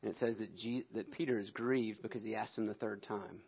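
A male preacher telling a scripture story in an animated sermon, acting out the quotes. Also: lowish voice, brisk, creaky, slightly rough, muffled recording.

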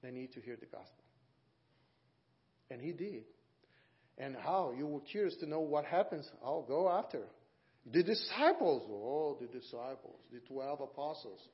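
A male guest preacher gives an animated sermon in church, speaking at a measured pace with long pauses. He acts out quoted voices with big jumps in pitch. The church audio is dull and lo-fi.

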